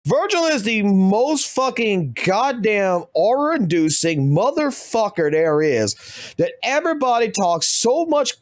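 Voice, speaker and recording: A man's voice: high voice, no echo, clean studio sound. A man who streams games, ranting heatedly and swearing constantly. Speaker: game streamer. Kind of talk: profane gaming rant.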